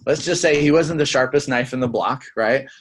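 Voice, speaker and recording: A young man giving a casual sales training talk, acting out quick lines of customers and reps as examples. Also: medium pitch, breathy edge. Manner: conversational, acts out customer and rep lines.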